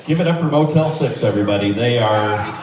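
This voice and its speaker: A man doing a stand-up set with a deadpan, self-deprecating delivery in a small club. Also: mid-range voice, a little fast, far from the mic. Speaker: stand-up comedian. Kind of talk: open-mic stand-up set. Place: small comedy club or bar. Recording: echoey club mic, crowd laughter, from afar.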